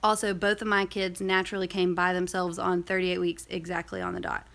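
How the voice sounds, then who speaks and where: A woman's voice: fairly low pitch, brisk, gravelly, fairly bright tone. A young woman telling a personal story in a casual, rambling vlog, full of fillers and asides. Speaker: vlogger.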